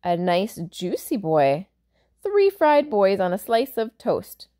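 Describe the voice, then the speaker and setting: A woman voicing a very old, toothless male giant, speaking slowly and loudly with a gruff, drawn-out manner. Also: very animated. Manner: slow, booming, drawn-out delivery.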